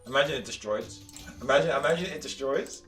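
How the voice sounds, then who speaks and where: A man's voice: medium pitch, fast talker, fairly bright tone. A young man casually commenting on his own gameplay, rambling with lots of "like" and "dude" and stammered repeats. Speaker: gaming YouTuber. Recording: roomy, slightly distant mic with faint game music.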